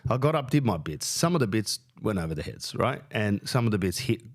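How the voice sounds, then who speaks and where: A man with an Australian accent hosting a podcast, telling a rambling, crude, self-mocking story, his pitch jumping up when he gets worked up. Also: very animated, fairly quick. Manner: crude, self-mocking, lots of fillers and restarts. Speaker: podcast host and stand-up comedian. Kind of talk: casual rambling monologue.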